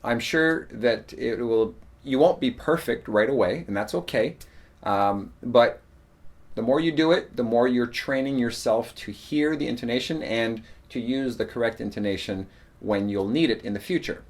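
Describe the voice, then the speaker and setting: A man gives an unhurried spoken lesson in a natural mid-range voice. He explains things plainly and casually, filling pauses with ums and uhs as he works out what to say next. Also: mid-range voice. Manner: relaxed, explaining with frequent fillers. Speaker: English teacher.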